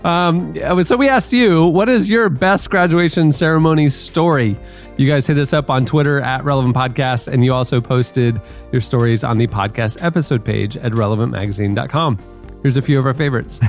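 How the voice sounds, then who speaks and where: A man's voice: mid-range voice, faint music behind. A man hosting a podcast, reading listener feedback in casual chat and laughing often. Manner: laughs often, drawn-out pauses. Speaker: podcast host.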